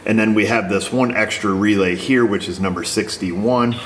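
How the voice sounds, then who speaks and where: Low-voiced man narrating repair work. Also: fairly even intonation, moderate pace, fairly bright tone, a little hiss or hum, rough recording. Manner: talks to himself while inspecting parts, easygoing. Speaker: auto repair technician. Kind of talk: casual workshop commentary. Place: auto repair shop.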